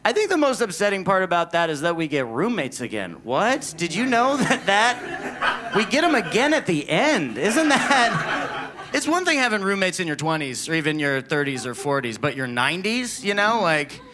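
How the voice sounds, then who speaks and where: A high-voiced American comedian performs a deadpan, self-deprecating stand-up set at a moderate pace on a comedy club stage, acting out other people in quoted asides. The live club recording picks up audience noise from the laughing crowd.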